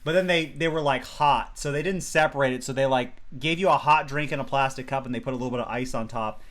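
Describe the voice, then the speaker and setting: A man co-hosting a casual chat, telling stories in an animated way with bursts of laughter. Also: medium pitch, fast talker. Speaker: podcast co-host.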